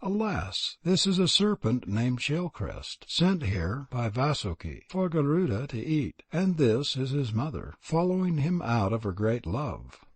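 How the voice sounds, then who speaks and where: Guy doing a kind fairy prince, soft and earnest, husky. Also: medium pitch, very animated, unhurried, hardly any pauses, dry recording. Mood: pitying. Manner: gentle and earnest. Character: compassionate young fairy prince, selfless.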